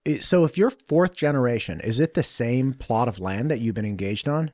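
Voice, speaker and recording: A man hosting a casual podcast chat, spinning family stories in quick, animated bursts with frequent laughter. His voice sits in an ordinary middle register and is recorded close and dry, with no room sound around it. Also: medium pitch, no echo. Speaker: podcast host.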